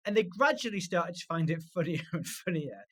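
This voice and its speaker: A man co-hosting a comedy podcast, telling stories quickly in casual chat and laughing often. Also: high voice, animated. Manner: quick anecdotal storytelling with frequent laughs.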